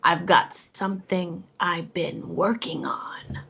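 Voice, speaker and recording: Man putting on a sly, drawling plant tinkerer, raised pitch, murky lo-fi sound. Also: takes it slowly, vocal fry, pushed and bright, husky, heavily acted. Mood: cryptic. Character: eccentric plant-growing tavern regular, cryptic.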